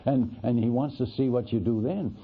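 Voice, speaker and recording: A man, a missionary preacher, tells a story from the pulpit in an animated, folksy way, often restarting his sentences. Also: mid-range voice, moderate pace, slightly rough. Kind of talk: storytelling sermon. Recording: tinny, lo-fi radio broadcast.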